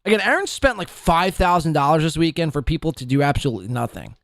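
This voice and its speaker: Crude, animated male podcast host. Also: a little high, fast talker, creaky, no echo. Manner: crude, mocking, swears a lot. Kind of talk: casual podcast commentary.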